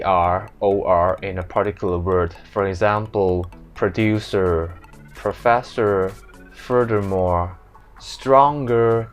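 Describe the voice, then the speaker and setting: Malaysian man explaining pronunciation, low voice. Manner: lists example words slowly, then repeats them. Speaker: English pronunciation presenter. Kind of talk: casual explainer lesson.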